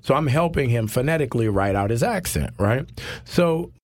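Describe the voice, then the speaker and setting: A man in his thirties, an actor guest telling stories in a casual interview, animated and full of slang. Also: mid-range voice, moderate pace, no echo. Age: 30s.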